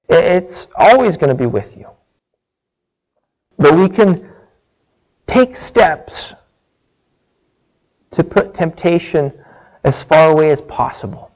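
A man's voice: sits high, lo-fi sound. A man preaching a sermon, earnest and illustrative, with small restarts. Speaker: pastor.

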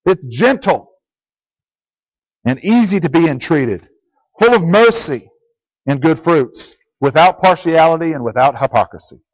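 High-voiced man preaching a plain sermon. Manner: earnest, plain teaching with repeated phrases. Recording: dull lo-fi recording.

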